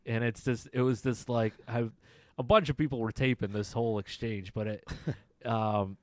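A man's voice: mid-range voice, fairly even intonation, normal speed, no echo. A young man telling a long story in casual chat, rambling, laughing often and swearing casually.

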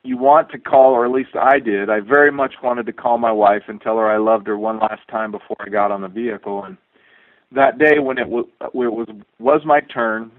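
A middle-aged man, a former astronaut, telling a relaxed, wry anecdote with a dry sense of humor and many fillers. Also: medium pitch, moderate pace, dry recording. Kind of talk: storytelling anecdote. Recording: tinny dry phone-like line.

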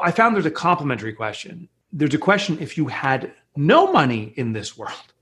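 A man in his forties speaks as a podcast guest, candid and earnest. His voice sits at an ordinary middle pitch, and he often restarts his sentences as he tells his story. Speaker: guest author. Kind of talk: personal storytelling in a podcast interview.

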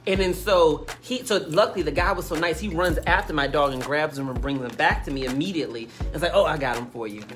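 Low-voiced woman telling a casual story over music. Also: fast, few pauses. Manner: chatty, rambling, many fillers and restarts. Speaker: livestream host telling a story. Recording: music playing in the background.

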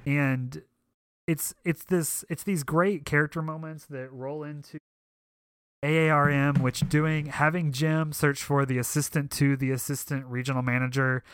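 A man's voice: a little high, level tone, unhurried, clean tone, dry recording. A young man chatting casually on a podcast, rambling with emotional enthusiasm. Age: young adult. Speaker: podcast co-host.

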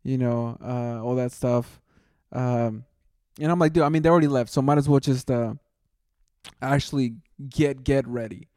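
A man's voice: mid-range voice, steady tone, normal speed, a little mellow, no room sound, clean studio sound. A young man telling a long story in casual chat, rambling and saying "dude" constantly, often laughing at himself.

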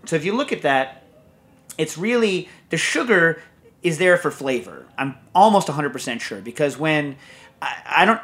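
Chatting casually on his podcast, a man with a mid-range, slightly bright voice rambles along with plenty of fillers and restarts. At one point he reads out a question sent in by a listener.

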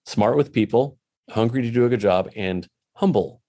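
A man's voice: medium pitch, normal speed, mellow. A man telling a personal faith story in a casual, candid way, poking fun at himself and dropping in lots of "you know" asides.

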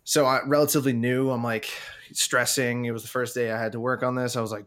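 A man's voice: medium pitch, fast. A man, co-hosting a podcast, telling a long story in a casual way and acting out his own panic. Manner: animated, acts out his own panic in a raised voice. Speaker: podcast co-host.

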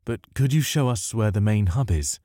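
A man's voice: on the low side, animated, moderate pace, mellow, no room sound, studio quality. A man voicing a stern, weary woman reverend in an audiobook, curt and matter-of-fact.

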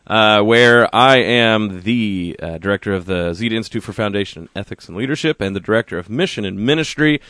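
A man co-hosts a radio talk show, chatting in a joking, casual way with plenty of restarts. His voice is bright and crisp and sits a little low. The studio microphone sounds dry and close. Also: no echo. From Oklahoma. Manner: jokey, quick laughs, frequent restarts.

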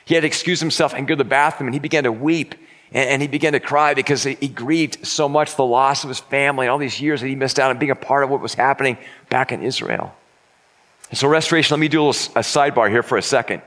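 A man's voice: medium pitch, quick pace, fairly bright tone. A man preaching a sermon, retelling a scripture story in an earnest way with frequent stammered restarts. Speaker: pastor.

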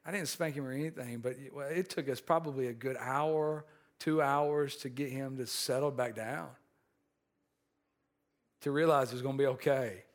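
Speaking at medium pitch and a moderate pace, the pastor tells a personal story in his sermon. He restarts often and repeats words, alternating between animated stretches and quiet, earnest ones.

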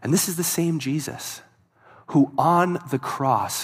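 A man's voice: fairly high pitch, slow, breathy edge. A man preaching a sermon, telling a story in an earnest voice that swells and drops for emphasis. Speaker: pastor.

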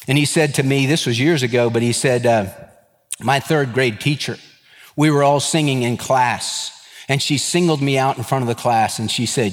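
A man preaching a sermon as pastor, with a conversational delivery that mixes joking asides with earnest exhortation. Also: mid-range voice. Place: church sanctuary. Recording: long reverb of a large hall.

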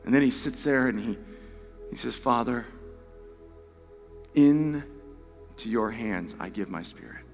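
A man preaching a sermon as pastor, impassioned, moving from hushed words to shouts. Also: medium pitch, lively intonation, unhurried, pauses often, long reverb tail, faint music behind. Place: church sanctuary.

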